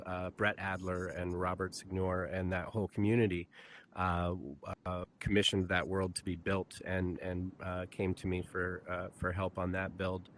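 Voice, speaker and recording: A man's voice: low-pitched, a little hiss or hum. A man guest in a casual talk show, rambling through explanations with many fillers. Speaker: guest, world builder. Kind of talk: casual chat.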